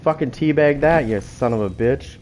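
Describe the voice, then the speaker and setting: A man's voice: mid-range voice, moderate pace, darkish tone, a little hiss or hum. A man streaming a game live, commentating with brash, foul-mouthed trash talk. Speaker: streamer playing a killer.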